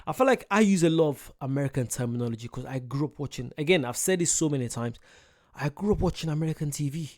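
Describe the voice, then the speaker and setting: A man with an English accent, rambling and joking in a casual reaction chat. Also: a little high. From England. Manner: animated, chatty and rambling, quick to joke. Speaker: reaction video host.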